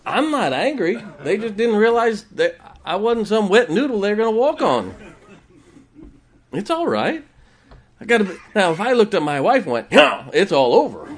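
A man's voice: high voice, big pitch swings, moderate pace, long pauses. A man preaching a conversational sermon in a folksy way, often laughing as he talks.

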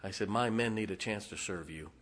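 A male pastor preaching a sermon in a folksy way, dropping to hushed tones and then rising to loud exclamations. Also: on the low side, a little fast. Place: church sanctuary. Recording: long hall reverb.

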